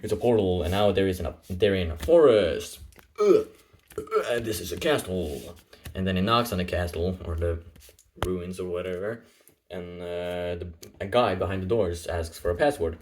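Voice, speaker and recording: A man's voice: low-pitched, moderate pace, a little mellow, a little hiss or hum. A man casually retelling a comic in a rambling, playful way, throwing in sound effects. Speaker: comic narrator.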